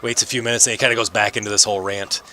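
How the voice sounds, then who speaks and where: A man's voice: on the low side, fairly even intonation, racing. A man in a casual, rambling way of speaking, narrating as game master of a tabletop game, full of fillers. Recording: noisy home mic.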